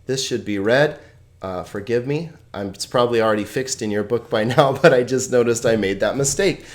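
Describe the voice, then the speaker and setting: A man teaching a relaxed video language lesson, friendly and chuckling often as he explains. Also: a little fast. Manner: friendly, chuckles often, lively pitch swings.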